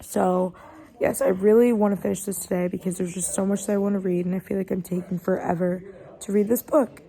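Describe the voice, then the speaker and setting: A young adult woman talks through her reading in a casual vlog. She is excitable and gushing as she reacts, with a mellow, warm tone. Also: medium pitch, brisk, vocal fry. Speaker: book vlogger.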